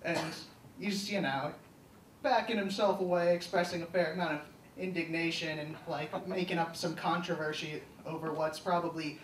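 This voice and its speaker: Young man, stand-up set, deadpan, hesitant, far from the mic, audience noise. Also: on the high side, normal speed. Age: young adult. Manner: deadpan, hesitant with many ums. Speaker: student stand-up comic. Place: live comedy stage. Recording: echoey hall, distant mic, audience laughter.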